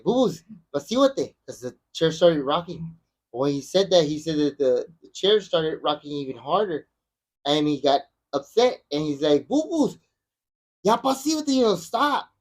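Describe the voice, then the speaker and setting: Caught on a rough recording, a middle-aged man with a voice on the high side hosts a podcast. He tells a story casually, rambling with many restarts.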